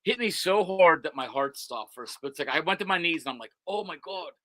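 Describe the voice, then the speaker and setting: Man, brassy bright tone, dry close sound, rambling guest storyteller. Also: fairly high pitch, lively intonation, fast talker, no echo. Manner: rambling storyteller, many restarts. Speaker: guest, sports website owner. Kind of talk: casual podcast chat. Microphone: video call.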